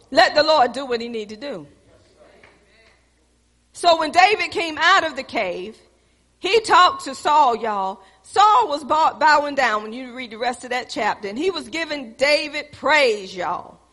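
A woman's voice: high-pitched, animated, measured pace, a bit bright. A woman preacher delivering a sermon and rising into fervent exhortation to her congregation. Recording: long hall reverb.

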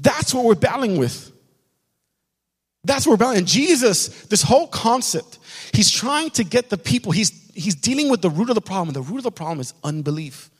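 A man's voice: sits high, big pitch swings, moderate pace, slightly rough. A man pastor preaching a sermon with passion, repeating key lines for emphasis. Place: church sanctuary. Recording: long hall reverb.

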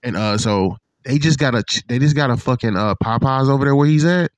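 A man in casual chat with a friend, an animated, profane storyteller who acts out what others said. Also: mid-range voice, brisk, no room sound, dull audio. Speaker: podcast co-host.

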